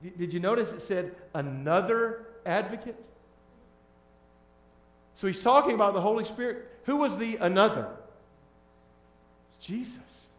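A man preaching as a pastor, shifting between hushed, tender lines and loud, emphatic ones. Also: high voice, lively intonation, unhurried, pauses often, echoey room. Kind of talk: sermon.

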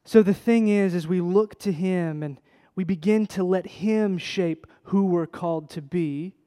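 Male pastor, sermon delivery, high register, impassioned swings from hushed to loud, reverberant hall. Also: measured pace. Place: church sanctuary. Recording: long reverb of a large hall.

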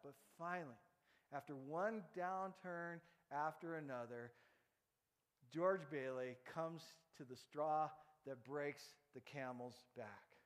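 A man's voice: on the high side, slow, long reverb tail. A male pastor preaching a sermon, telling stories, asking the congregation to repeat after him, and often restarting words. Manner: storytelling, interactive, repeats words.

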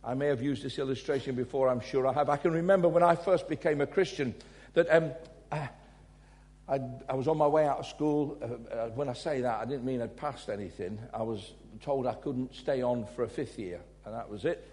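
A man from England, preaching a sermon and telling personal stories, swinging between loud emphasis and quiet asides. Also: mid-range voice, a little fast.

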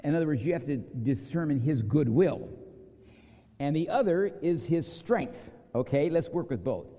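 A man preaching a sermon, telling a parable and acting out the quoted lines as he goes. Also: moderate pace. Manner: storytelling with acted quotes, lively pitch swings. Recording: long hall reverb.

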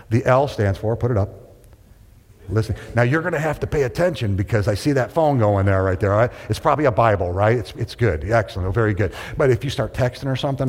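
Man, pastor, sermon, lively pitch, joking with congregation, echoing church hall. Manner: animated, conversational, joking with the congregation. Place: church sanctuary.

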